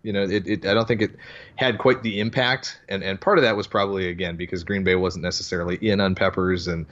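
A male podcast guest with a very low voice, talking casually in halting bits that repeat words as he thinks. The sound is slightly dull and lo-fi. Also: steady tone, fairly bright tone. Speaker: guest sports writer.

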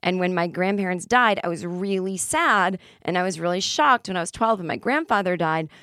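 A woman's voice: fairly low pitch, normal speed, a bit bright, no room sound, clean studio sound. A middle-aged woman hosting a solo podcast, ranting sarcastically and acting out imagined conversations. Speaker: podcast host. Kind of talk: casual solo podcast monologue.

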